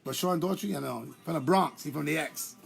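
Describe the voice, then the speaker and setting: Gravelly New man chatting live. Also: fairly high pitch, brisk. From New York. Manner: animated, rambling, greets viewers by name. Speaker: former boxer hosting a live stream. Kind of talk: casual live-stream chat.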